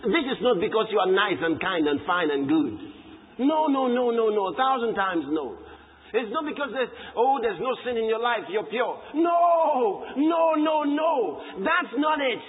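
A man preaching a fervent sermon, emphatic and repetitive, shouting some phrases and slowing down to stress scripture. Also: high voice, expressive, in a large hall, narrow, tinny audio.

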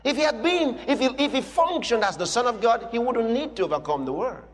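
A man's voice: very high-pitched, sing-song, a little fast, big-room sound. A man preaching a sermon with emphatic, repetitive declarations.

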